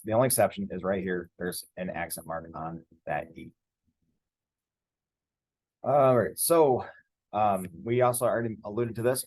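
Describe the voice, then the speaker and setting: A man teaching Spanish grammar over slides, relaxed and conversational, with frequent fillers and restarts. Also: deep voice, no room sound, rough recording.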